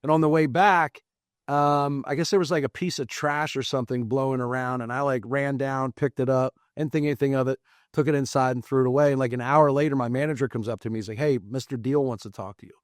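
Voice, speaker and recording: A man telling his career story as a podcast guest, lively and acting out the quoted dialogue. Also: medium pitch, quick pace, no room sound, clean studio sound. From United States. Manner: animated, acts out quoted dialogue. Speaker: podcast guest, real estate investor. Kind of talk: casual storytelling interview.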